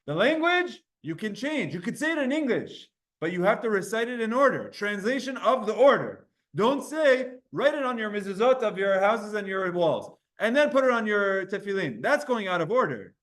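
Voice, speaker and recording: A man teaching a Talmud class, explaining in quick bursts, quizzing his students and restarting his sentences often. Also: high-pitched, big pitch swings, fairly bright tone.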